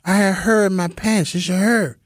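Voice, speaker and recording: A man putting on a high-pitched, flustered waitress with a Japanese accent. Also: steady tone, normal speed, no room sound, studio quality, lightly acted. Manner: broken English in short clipped phrases. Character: flustered apologetic woman restaurant server.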